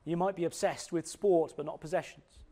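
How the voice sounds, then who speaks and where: Expressive preacher, higher voice. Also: male voice. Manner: expressive, drops to slow quiet emphasis on scripture. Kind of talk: sermon.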